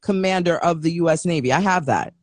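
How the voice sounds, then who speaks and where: A woman's voice: fairly low pitch, a little fast, a little mellow, dry recording. A woman hosting a casual interview over a video call, talking in a playful, teasing way. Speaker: host.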